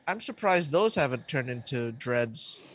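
A man's voice: mid-range voice, very animated, unhurried, a bit bright. A man co-hosting a casual reaction stream, joking around and laughing often. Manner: laughing, joking, playful guessing. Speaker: stream co-host.

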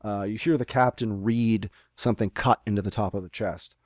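A man's voice: lowish voice, steady tone, normal speed, no echo, clean studio sound. A man running a tabletop game as game master, narrating scenes with many ums and uhs over a remote call.

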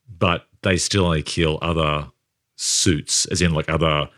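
Deep-voiced man musing about films. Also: steady tone, a little slow, a bit bright, dry recording, studio quality. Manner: thoughtful, builds long hypotheticals. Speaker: film podcast co-host. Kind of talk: casual film discussion.

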